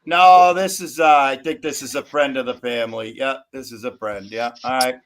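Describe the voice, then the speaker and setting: A man's voice: medium pitch, steady tone, normal speed, a bit bright. A man hosting a crude, casual live stream, teasing and rambling with profanity. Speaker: stream host.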